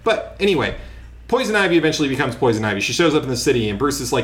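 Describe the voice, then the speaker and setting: A man's voice: mid-range voice, expressive, slight background noise. Casual podcast man, opinionated, swears freely, rattles through plot recaps. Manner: opinionated, profane, rapid recap with mock quotes. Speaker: podcast co-host. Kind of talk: casual movie review chat.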